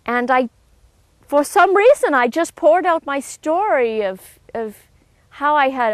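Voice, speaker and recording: High-voiced woman sharing an earnest testimony. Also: lively intonation, no room sound. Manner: earnest and heartfelt, with halting restarts. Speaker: speaker giving a personal testimony. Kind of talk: emotional personal testimony.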